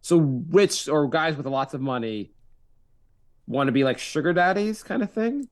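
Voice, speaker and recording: A man's voice: a little high, expressive, moderate pace, no echo, studio quality. A man co-hosting a podcast, joking around in casual banter and acting out quoted voices. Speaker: podcast co-host.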